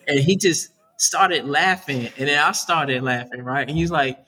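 A man with an average pitch talks in an easy, conversational way. He sounds upbeat and earnest, and he drops "man" and "right?" into nearly every sentence. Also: moderate pace, few pauses, bright, forceful tone, slight background noise. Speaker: youth worker, guest. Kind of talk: conversational interview.

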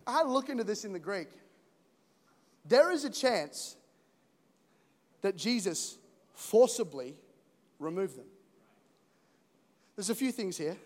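A man preaches a lively sermon, playful and animated, acting out stories and repeating words. His voice sits very high. Long reverb fills the church hall. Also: unhurried, pauses often. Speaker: pastor.

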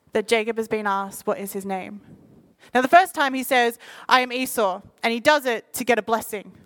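Woman preaching a lively, casual sermon. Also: fairly high pitch. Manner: reads scripture quickly, then explains in lively casual talk. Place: in front of a live audience.

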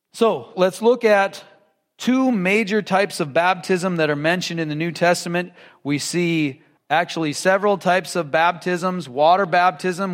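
A man's voice: high voice, fairly bright tone, big-room sound. A male pastor preaching a sermon in a church. He reads scripture and then explains it in an earnest, emphatic way. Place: church sanctuary.

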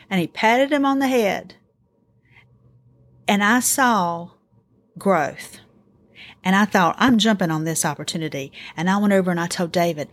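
A middle-aged woman hosting a casual faith-based parenting talk, earnest and encouraging, telling family stories in an animated way. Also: lowish voice, fairly quick. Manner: earnest, encouraging, animated storytelling with acted quotes. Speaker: podcast host.

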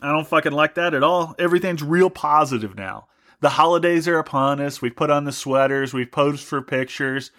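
A man's voice: a little high, moderate pace, fairly bright tone. A young man hosting a podcast, delivering a profane, mock-angry comedic rant. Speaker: podcast host.

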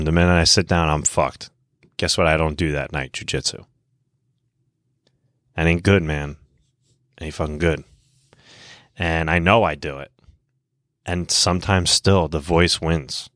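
A man's voice: a bass voice, a bit bright, no echo, studio quality. A man hosting a podcast from the United States, talking in a blunt, profane, rambling casual monologue. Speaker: podcast host.

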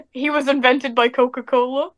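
A woman's voice: sits high, unhurried. A woman co-hosting a podcast, telling stories in casual chat with frequent laughter. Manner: rambling storyteller, laughs often. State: sick. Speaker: podcast co-host.

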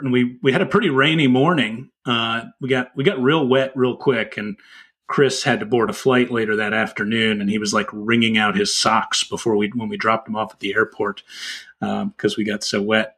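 A man's voice: fairly low pitch, creaky, breathy edge. A man co-hosting a podcast, chatting casually and telling stories with lots of fillers. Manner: relaxed storytelling, many fillers. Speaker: podcast co-host. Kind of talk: casual chat.

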